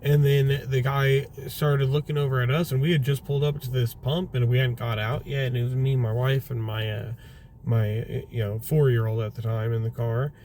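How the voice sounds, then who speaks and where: In a flat, medium-pitched voice at normal speed, a young man who delivers food tells rambling, profane stories from his car, laughing along the way. It's a casual storytelling vlog, recorded on a distant mic over loud road noise.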